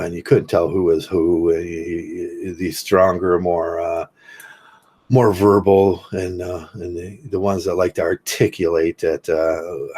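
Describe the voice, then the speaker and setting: An older man hosting a livestream, talking casually in a rambling, halting way with many fillers while he reads chat comments. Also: low-pitched, a little mellow, husky. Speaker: livestream host.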